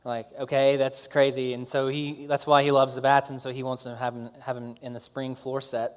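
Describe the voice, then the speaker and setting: A man giving a casual talk to an audience about his work, halting with fillers and restarts. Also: medium pitch, flat delivery. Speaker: speaker telling his business story.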